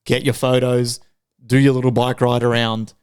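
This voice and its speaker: An Australian man talking loudly and swearing freely, with jokey banter, as a guest on a podcast. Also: mid-range voice, level tone, moderate pace, clean tone, no echo, clean studio sound. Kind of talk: casual podcast chat.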